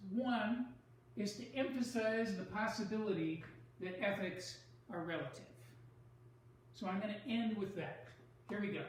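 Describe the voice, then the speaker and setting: A man teaching a recorded online writing lesson, explaining step by step in a measured way and leaning on key words. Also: sits high, heavy reverb, recorded from a distance, slight background noise, poor audio.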